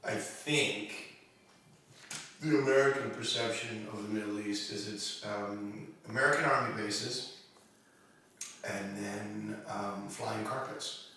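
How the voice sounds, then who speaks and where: A man in relaxed comedic chat who talks very slowly and stops often for fillers. His voice is bright and a little high. It sounds distant and very echoey, with faint noise behind it. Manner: slow, halting, laughs at own jokes. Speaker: comedian co-host. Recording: echoey room, distant mic.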